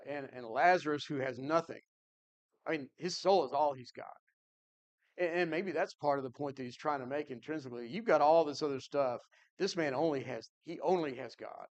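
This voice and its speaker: A man teaching a Bible class in an earnest, conversational way, thinking aloud and answering his class. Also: a little high.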